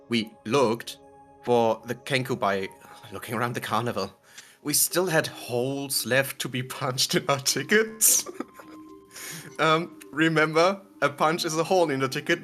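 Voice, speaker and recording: A man's voice: mid-range voice, a bit bright. A man recapping the last tabletop session in a giggly, rambling way, often correcting himself. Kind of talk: casual recap of a tabletop game.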